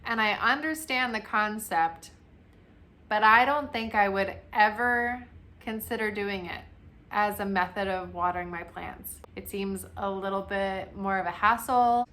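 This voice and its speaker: A young woman in her twenties talks casually to her camera, chatty and self-mocking, often breaking into a laugh. Her voice has a bright, forward tone. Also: medium pitch, measured pace. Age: 20s. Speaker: plant vlogger.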